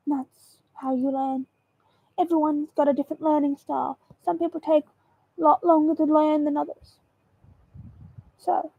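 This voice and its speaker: Woman vlogger, high voice, drawn-out dramatic delivery, dull lo-fi camera audio. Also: no echo. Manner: slow, theatrical, emphatic delivery. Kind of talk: dramatic motivational monologue to camera. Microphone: camera mic.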